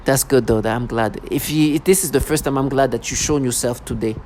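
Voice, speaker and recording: This male vlogger rants emotionally and repetitively on a city street, mocking people with put-on voices as he airs personal grievances. His mid-range voice is a little mellow and brisk, and the rough recording carries faint street sounds and vehicles.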